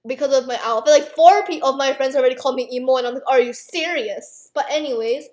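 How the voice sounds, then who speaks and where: A teenage girl gaming YouTuber rants over gameplay on her channel, rambling and self-mocking with plenty of fillers. Her high voice comes out rapid-fire with a darkish tone, and the sound is reverberant.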